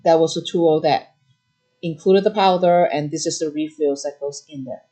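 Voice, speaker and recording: Chatty woman, middle-aged, doing a live craft shop demo, talks fast with lots of ums. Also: deep voice, dark tone. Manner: quick, chatty explaining with fillers. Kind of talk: live product demo chat.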